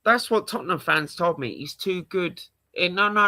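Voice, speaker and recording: A man's voice: sits high, expressive, normal speed, sharp tone, dry recording. A man with a London accent ranting on a casual livestream, exasperated and repetitive, swearing often. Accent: London English. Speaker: live streamer, football fan.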